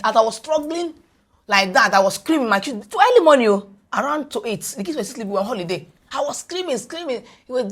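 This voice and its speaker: A Nigerian woman, a guest on a podcast, retelling a personal story in animated English mixed with Pidgin. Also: medium pitch, slightly rough.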